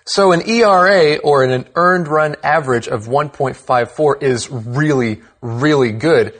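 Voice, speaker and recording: A man's voice: fairly high pitch, measured pace, a bit bright. A man co-hosting an English lesson, explaining phrases in an upbeat, plain-spoken way. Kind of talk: scripted language lesson chat.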